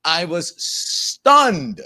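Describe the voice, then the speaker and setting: A middle-aged male host tells a story in a casual, animated monologue. His voice sits a little high for a man, and he acts out the voices of the people he quotes. He swears freely and talks like he is chatting with his audience. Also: very slow. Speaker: show host.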